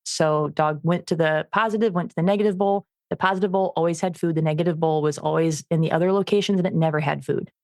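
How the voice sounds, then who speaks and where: A woman co-hosting a podcast as a dog trainer, chatting casually and telling animated stories about her dog. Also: deep voice, fast, hardly any pauses, no echo, clean studio sound. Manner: animated storytelling, acts out her dog's voice. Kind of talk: casual chat.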